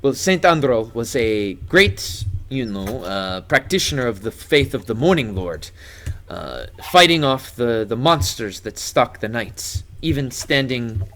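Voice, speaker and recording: A man voicing a soft-spoken male village priest in a tabletop game, gentle and a little halting. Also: medium pitch, sing-song. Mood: earnest.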